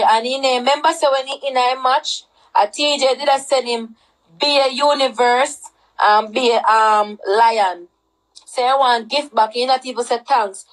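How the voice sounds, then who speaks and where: Chatting casually on a livestream, a high-voiced woman with a Jamaican accent rambles and repeats herself, mixing Patois into her talk.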